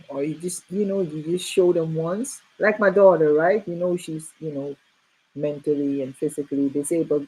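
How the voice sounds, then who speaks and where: A middle-aged woman hosting a relaxed group conversation. Her voice sits low and sounds husky, and she talks at an unhurried pace. She rambles and often circles back with fillers. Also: poor audio. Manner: rambling, many fillers and restarts. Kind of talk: casual group chat.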